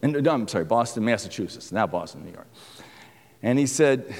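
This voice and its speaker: A man delivers a sermon-style testimony with a lively, swooping voice. He tells the story with little chuckles and acts out the voices in it. The sound carries a long reverb, as in a big hall. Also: on the low side, a little fast. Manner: animated storytelling with chuckles and quoted dialogue. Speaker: speaker giving a testimony talk.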